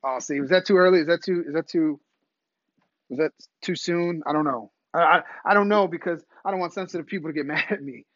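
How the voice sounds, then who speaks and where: A man hosting a podcast, delivering a profane, animated comedic rant. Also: fairly high pitch, fairly quick, no room sound, highs cut off. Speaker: podcast host.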